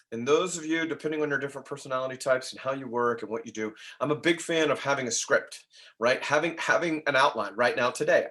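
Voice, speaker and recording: A man's voice: medium pitch, pushed and bright. A man leading a real estate training class, talking conversationally and often asking "right?" of the listeners. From Nashville. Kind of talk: training talk to agents.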